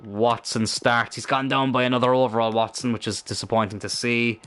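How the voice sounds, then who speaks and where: A young man commentating his own football game in casual let's-play style, excitable and thinking aloud, swearing freely. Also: mid-range voice, a little fast.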